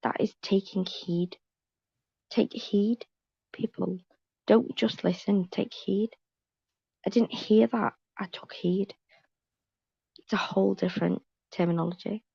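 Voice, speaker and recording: A woman's voice: medium pitch, fairly even intonation, takes it slowly, creaky, pauses often, breathy edge, no echo. A woman chatting on a live stream panel, blunt and emphatic, repeating points for weight. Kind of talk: casual chat, storytelling. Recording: dull lo-fi stream audio.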